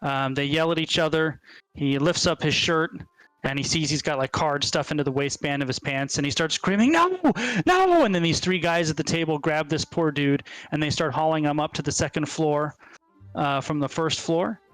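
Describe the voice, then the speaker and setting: A man's voice: on the high side, flat delivery, moderate pace, a bit bright, smooth, no room sound, soft background music. A man narrating as game master in a casual way, with many ums and uhs.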